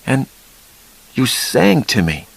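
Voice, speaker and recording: A man voicing a troubled young businessman who speaks softly and hesitantly, in a read-aloud story. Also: medium pitch, huge pitch swings, takes it slowly, gravelly, husky, pitched above the performer's own voice, heavily acted, poor audio. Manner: soft, hesitant pleading. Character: troubled young businessman, tender with his brother.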